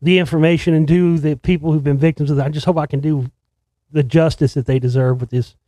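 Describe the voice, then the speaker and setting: Brief: male storyteller, raised pitch, dry close sound, loose and profane, keeps restarting. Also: fairly even intonation, fast, warm tone, dry recording. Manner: profane, rambling, with many restarts. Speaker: filmmaker telling a story. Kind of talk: casual storytelling.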